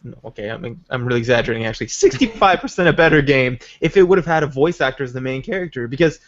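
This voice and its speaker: A man hosting a podcast, chatting excitedly and rambling about video games. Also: medium pitch, rapid-fire, highs cut off. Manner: excitable, rambling gamer talk. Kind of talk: casual chat.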